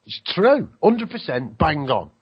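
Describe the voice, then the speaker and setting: A husky-voiced man talks on his radio show, his pitch rising and falling in lively swings. He rambles through spiritual musings, drops the odd swear word and mocks other people's voices. The broadcast sounds dull and lo-fi. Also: measured pace.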